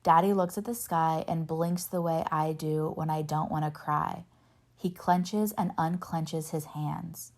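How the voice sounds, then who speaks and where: Low, gravelly woman reading a novel aloud. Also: a little slow. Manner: steady first-person narration with lightly voiced dialogue. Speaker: reader.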